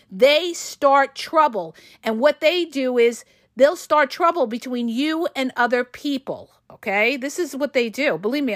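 Blunt, high-voiced woman podcaster, dry sound. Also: fairly bright tone, no room sound. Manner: blunt and emphatic, with frequent "okay?" and "all right?" check-ins; swears casually. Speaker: podcast host. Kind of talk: casual advice monologue.

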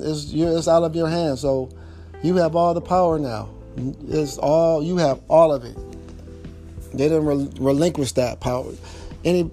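Warm and medium-pitched, a man's voice offers laid-back relationship tips straight to the listener. His speech is informal and sprinkled with double negatives, and he hammers his points home by repeating them.

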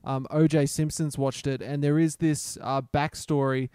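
A man co-hosting a podcast over a remote call, egging his partner on with deadpan quips. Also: fairly high pitch, normal speed, clean tone, no room sound. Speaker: podcast co-host. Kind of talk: crude casual banter. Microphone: remote call mic.

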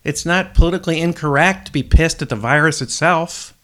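A man's voice: a little high, fairly quick, fairly bright tone. A man hosting a solo podcast, rambling bluntly and swearing freely. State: up before dawn, tired. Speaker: podcast host.

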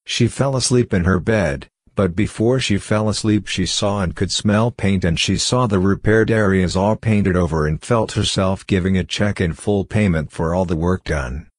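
Deep-voiced man giving a spiritual lecture. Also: normal speed, hardly any pauses, no room sound, clean studio sound. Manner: emphatic, with repeated rhetorical questions.

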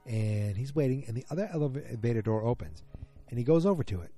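A man's voice: mid-range voice, lively intonation, quick pace, dark tone, faint music behind. A man casually recapping a TV episode, musing aloud and trailing off with ums and restarts, speaking straight to his listeners.

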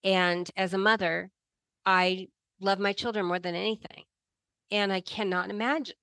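A woman's voice: medium pitch, steady tone, normal speed, fairly bright tone, no echo. Earnest woman telling a personal story. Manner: earnest, emotional storytelling with vivid recall. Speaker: guest telling a near-death experience. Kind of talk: personal testimony.

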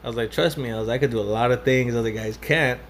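A young man rambles through a personal story, swearing freely and padding every line with fillers. He switches into Spanish for a phrase here and there. His pitch sits in a middle range, and a faint ambient hiss runs under the recording. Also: flat delivery, very fast. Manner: profane, rambling with many fillers. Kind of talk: casual storytelling.

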